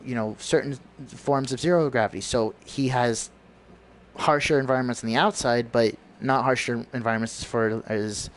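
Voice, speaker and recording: A man giving a rambling, preachy monologue on his livestream, often searching for words. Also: medium pitch. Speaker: livestream host.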